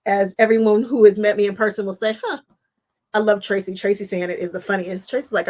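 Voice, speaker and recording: A woman's voice: mid-range voice, little pitch movement, brisk, a little mellow, slightly rough, low-quality recording. A woman, hosting a casual crafting livestream, chatting to viewers while she sews and laughing often.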